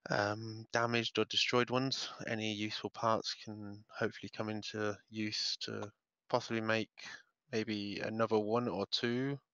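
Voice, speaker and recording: A man's voice: fairly low pitch, a bit bright, no room sound. A man playing in a tabletop game, speaking hesitantly with many ums. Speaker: player. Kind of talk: tabletop role-play. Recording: dry, slightly muffled.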